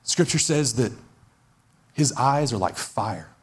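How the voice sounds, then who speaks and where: A man's voice: mid-range voice, animated, slow, slightly rough. A man in his forties, a pastor preaching an earnest, emphatic sermon that repeats its key phrases. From Texas.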